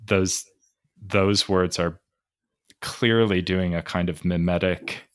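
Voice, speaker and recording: A podcast host with a very low voice questions his guest about a poem. He talks in halting stretches and corrects himself as he goes. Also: fairly even intonation. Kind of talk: casual podcast discussion of a poem.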